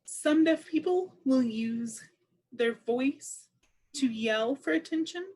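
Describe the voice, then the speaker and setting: A woman interpreting aloud for a deaf presenter at a public seminar, speaking in a measured, explanatory way. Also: sits high, a little mellow, slightly rough. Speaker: sign language interpreter voicing a deaf presenter.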